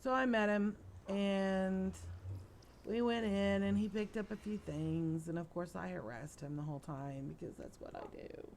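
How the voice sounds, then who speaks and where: A woman's voice: medium pitch, normal speed, gravelly, a little mellow, slight background noise. A middle-aged woman hosting a let's play, tired and yawning as she rambles through chatty stories while she plays. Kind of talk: casual gameplay chat.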